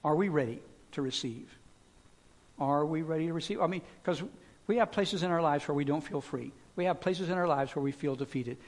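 A man delivers a sermon in a loose, conversational way, full of fillers and restarts. His voice sits a little higher than most men's. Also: a little fast. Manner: conversational preaching with fillers and repetitions. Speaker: pastor.

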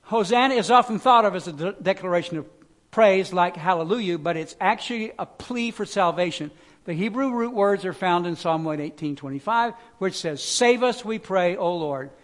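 A male pastor delivers a sermon in a high voice for a man. He talks conversationally, with fillers and restarts, then rises into loud pleading lines before sinking back to quiet, low emphasis. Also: normal speed.

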